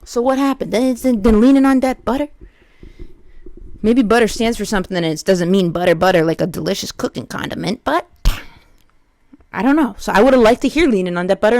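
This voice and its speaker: A woman comedian hosting a solo podcast, riffing in a rambling, profane, animated monologue. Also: a little high, no echo.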